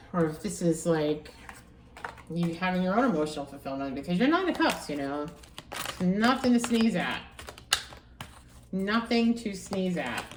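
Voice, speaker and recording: A woman giving a casual tarot reading, musing aloud and repeating phrases with animated excitement. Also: lowish voice, recorded from a distance, background noise. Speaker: tarot reader. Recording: echoey room, voice from off-mic.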